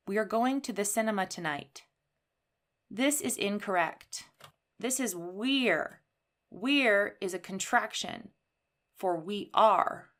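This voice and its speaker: A woman from Canada runs an English grammar lesson at a measured pace. She stresses key words one at a time, with a mid-range voice that is neither high nor low. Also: a bit bright. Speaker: English teacher.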